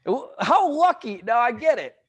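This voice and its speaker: A man's voice: extremely high pitch, big pitch swings, normal speed, slightly rough, dry recording. A man co-hosting a podcast, giving emphatic, opinionated sports takes in casual chat. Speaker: podcast co-host.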